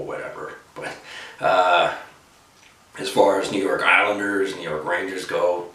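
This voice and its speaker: A man's voice: low voice, fairly bright tone, far from the mic. A man giving his hockey opinions in casual, rambling talk, full of fillers. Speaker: hockey commentator. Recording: echoey room, voice off-mic.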